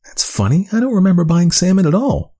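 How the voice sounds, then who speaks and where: A man's voice: high-pitched, sing-song, brisk, warm tone, slight background noise, pitched above the performer's own voice. A man voicing a flustered young working woman in a storybook, calling out in exasperation.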